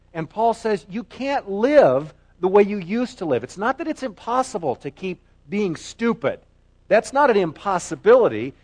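Emphatic preaching man, lively pitch. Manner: earnest and emphatic, with repetitions. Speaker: pastor. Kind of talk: sermon.

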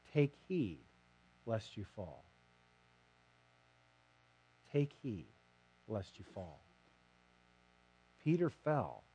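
A man's voice: medium pitch, a little mellow. A man preaching a sermon, telling a story dramatically and acting out the quotes himself.

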